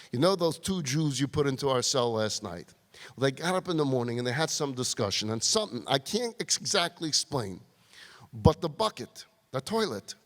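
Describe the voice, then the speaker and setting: Male rabbi storyteller, a touch high-pitched, long reverb from a large hall. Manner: animated storyteller acting out dialogue. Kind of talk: storytelling sermon.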